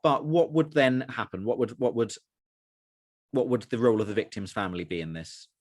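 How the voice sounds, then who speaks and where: A man's voice: medium pitch, a little fast, no echo, clean studio sound. A man leading a religious study session, explaining texts at length and putting questions to the group. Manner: explanatory, asks the group questions, many fillers. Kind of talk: teaching a group discussion.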